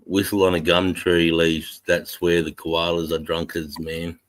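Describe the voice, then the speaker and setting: A man's voice: low-pitched, completely flat delivery, a little slow, no echo. An Australian man hosting a livestream panel, swearing constantly and laughing often in crude casual chat. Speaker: livestream host.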